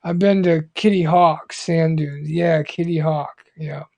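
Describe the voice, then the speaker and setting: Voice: medium pitch, steady tone, a little slow, dark tone. A co-host on a livestream reading out viewer comments and chatting casually. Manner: laid-back, reads viewer comments aloud. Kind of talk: casual chat.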